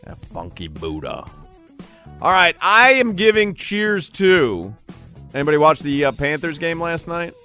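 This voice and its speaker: A man's voice: fairly high pitch, very animated, a little slow, bright, forceful tone, soft background music. A man hosting a sports radio show, joking and teasing his co-hosts in casual banter. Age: adult parent.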